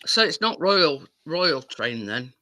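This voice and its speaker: Man, high bright voice, slow and musing, casual stream co-host. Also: very animated, poor audio. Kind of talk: casual live-stream chat.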